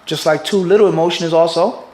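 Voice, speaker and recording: A middle-aged man with a fairly high voice teaches a religious lesson to a class. He speaks with lively energy and drops in Arabic terms. He keeps pausing on "what?" for the room to answer and asks whether everyone is following. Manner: quizzes listeners with fill-in "what?" prompts; keeps checking "everybody understand this?". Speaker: mufti teaching a hadith class. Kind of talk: religious lecture.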